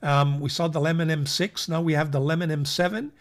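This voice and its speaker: A man's voice: a little high, fairly even intonation, a little fast. A man hosting a pen channel, walking viewers through new pens in a casual, rambling way with many fillers and restarts, calling them folks. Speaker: fountain pen channel host. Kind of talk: casual product roundup.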